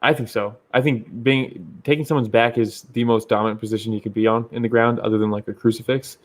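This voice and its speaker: A man's voice: mid-range voice, fairly even intonation, fast talker. A man co-hosting a casual podcast about fights, loose and profane, laughing often. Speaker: podcast co-host.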